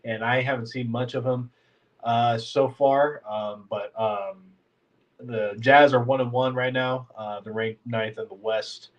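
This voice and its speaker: A man's voice: mid-range voice, steady tone, a little slow. A congested man hosts a casual sports podcast, rambling through filler words like a frustrated fan. He sits back from the mic, so the voice comes across distant. The recording is dull and lo-fi. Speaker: podcast host.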